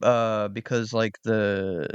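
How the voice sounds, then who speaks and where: Man with a smooth, resonant voice. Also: fairly low pitch, little pitch movement, slow pace, no room sound, muffled recording. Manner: hesitant, thinking aloud. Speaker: guest host. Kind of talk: casual comic book chat.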